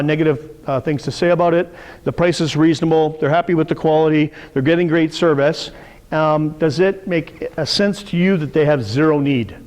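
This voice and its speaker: A middle-aged man runs a sales training workshop, speaking in a voice pitched a little high for a man. He teaches through stories, acting out the people in them as he goes. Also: a little mellow, long reverb tail. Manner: storytelling, acts out quoted voices. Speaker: sales coach.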